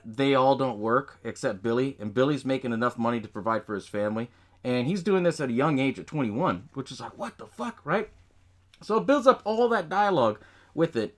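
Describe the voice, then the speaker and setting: A man's voice: medium pitch, a bit bright. A young man hosting a podcast, casually recapping a film, swearing often, laughing and quoting characters' lines. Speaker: podcast host.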